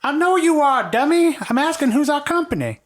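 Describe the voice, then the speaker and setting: A man voicing a warm, tearful old farm grandmother with a high folksy voice. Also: big pitch swings, fairly quick. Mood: scolding, welcoming.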